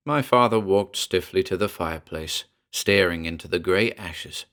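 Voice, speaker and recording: A man narrating a first-person horror story in a measured, earnest way. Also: deep voice, a bit bright, clean tone. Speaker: audiobook narrator. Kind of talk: scripted narration.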